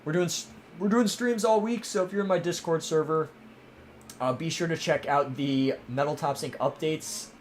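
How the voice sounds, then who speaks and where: A man's voice: on the high side, normal speed, a little hiss or hum. Rambling young man with a mixed East Coast accent. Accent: mix of Maryland, Southern and New York-New Jersey. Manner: rambling, many restarts and fillers. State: voice starting to strain. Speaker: livestream host. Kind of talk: casual livestream chat reading viewer comments.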